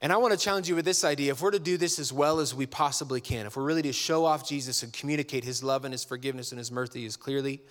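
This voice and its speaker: A man preaching a sermon as a pastor, talking in a conversational, animated way and acting out little dialogues. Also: mid-range voice.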